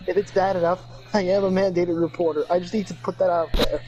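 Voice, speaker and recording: A man in a casual voice chat with friends, talking in a mock-formal, measured, lecturing way. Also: high-pitched, fairly even intonation, darkish tone, highs cut off, faint music behind. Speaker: gamer in a friend group.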